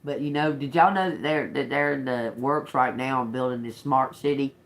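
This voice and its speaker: A man's voice: mid-range voice, moderate pace, fairly bright tone. A man giving a loose, casual tarot reading on a livestream, speaking straight to his audience in a conversational way. He laughs often between thoughts and turns blunt and profane when he answers commenters. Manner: chatty, talks straight to viewers, laughs often; swears, snaps back at chat commenters. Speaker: tarot reader, livestream host.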